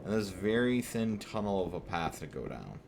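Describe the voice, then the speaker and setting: A man with a very low voice gives loose, wisecracking commentary as he plays a horror game, chatting to the on-screen characters and cursing when he gets frustrated. A steady hiss of noise sits under his voice. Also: normal speed, gravelly. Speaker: gameplay streamer. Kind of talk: casual let's-play commentary.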